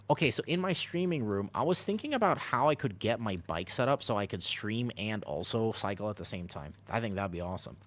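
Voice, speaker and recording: A man live-streaming a video game, talking quickly and casually over the action as he guides his team and answers chat from his home streaming room. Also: on the low side. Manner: talks fast over gameplay, jumps between coaching and chatting. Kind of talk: live gameplay commentary and chat.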